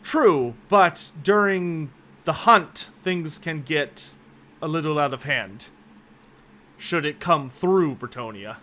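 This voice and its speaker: A man's voice: fairly high pitch, animated, takes it slowly, sharp tone, exaggerated voice. A man voicing a genial, chatty nobleman. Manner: chuckling, chatty, polite.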